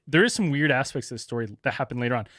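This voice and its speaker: A man co-hosting a podcast, telling a story casually, swearing a lot and acting out the people he talks about in high voices. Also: expressive, rapid-fire, a bit bright, dry recording, studio quality. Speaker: podcast co-host.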